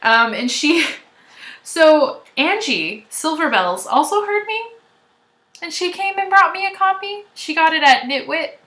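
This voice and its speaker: A loud, chatty woman, rambling happily to her viewers as a knitting podcast host. Her voice rings bright and sits a little higher than most women's. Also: expressive, unhurried. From Canada. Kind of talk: casual chat to viewers.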